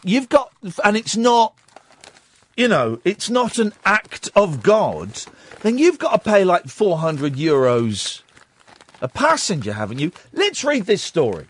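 A man hosting a talk radio show, wry and mocking as he riffs on the news. His pitch leaps around as he talks, and his voice sits fairly high for a man. The studio sound is close and dry. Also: no room sound. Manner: sarcastic, jokey and animated. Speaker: radio host. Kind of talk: casual radio chat. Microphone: studio mic.

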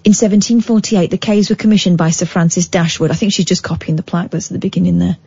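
A woman's voice: fairly low pitch, steady tone, fast talker, vocal fry, mellow, breathy edge, no room sound. A woman co-hosting a talk radio show, reading a magazine story aloud with dry, teasing asides. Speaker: radio co-host. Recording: dull broadcast audio over faint music.

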